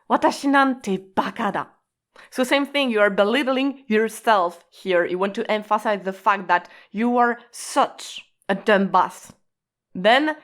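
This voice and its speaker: A woman teaching a language in a casual, informal way. She explains patiently, repeats her points and often checks that the listener is following. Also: on the high side.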